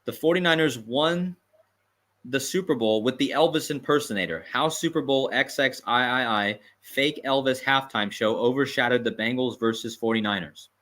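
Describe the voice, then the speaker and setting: A man's voice: mid-range voice, moderate pace, fairly bright tone. A man hosting a livestream, talking emphatically and repeating his points with amused asides. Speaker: host. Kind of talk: livestream commentary.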